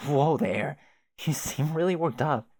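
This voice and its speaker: A man's voice: on the high side, measured pace, a little mellow, no room sound, pitched above the performer's own voice. A man doing Jake, folksy young adventurer. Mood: confused. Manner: rambling, old-fashioned folksy exclamations. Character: chatty folksy young male adventurer, oblivious.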